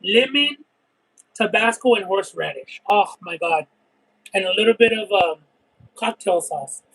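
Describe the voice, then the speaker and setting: A man's voice: high-pitched, unhurried, gravelly, breathy edge, poor audio. A man hosting a casual livestream who tells stories expressively and at length, piling on details. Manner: expressive, detailed rambling storyteller. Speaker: livestream host eating and reading chat. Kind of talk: casual chat and storytelling.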